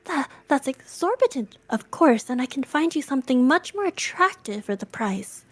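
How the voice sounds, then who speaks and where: A woman's voice: sits high, lively intonation, a little slow. A woman voicing a nervous, stammering old hunchbacked male antique dealer in a storybook reading. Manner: stammering, hesitant, hushed.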